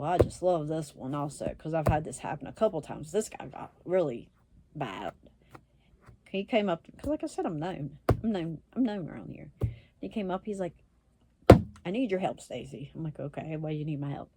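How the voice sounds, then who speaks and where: A woman's voice: low-pitched, lively intonation, normal speed, noisy background. A woman telling a story in a casual, blunt way, swearing and laughing often. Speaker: self-described witch and medium, vlogger.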